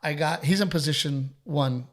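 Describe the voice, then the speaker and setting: A man hosting a podcast, telling stories in a casual, animated, profane way and acting out what people said. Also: on the high side, moderate pace. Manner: animated, profane, acts out quotes. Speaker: podcast host. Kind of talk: casual storytelling chat.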